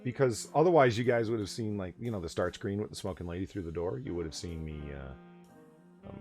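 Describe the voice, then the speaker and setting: A man's voice: lowish voice, fairly quick, darkish tone, faint music behind. A man hosting a casual late-night livestream chat, rambling and swearing, laughing often. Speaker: livestream host of a late-night bar hangout.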